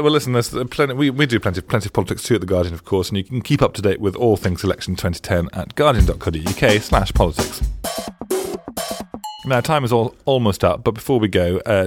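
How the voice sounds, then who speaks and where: Fast, low-voiced male podcast host. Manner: hesitant, many restarts. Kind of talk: casual panel chat.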